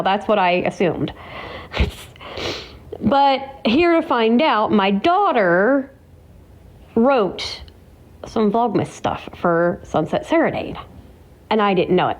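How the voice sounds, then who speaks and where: A woman's voice: mid-range voice, big pitch swings, slow pace, pauses often. A woman hosting her own vlog, tearful and emotional, talking in a rambling way full of restarts and exclamations. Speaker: vlogger and host. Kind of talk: casual emotional vlog chat. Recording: dull lo-fi recording.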